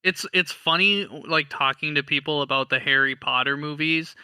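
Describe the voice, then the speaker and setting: A man with a very bright, fairly high voice trades jokes in a casual podcast chat. He swears freely, laughs often and slips into mocking impressions. The sound is dry and close. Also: normal speed, smooth, no echo. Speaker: podcast co-host.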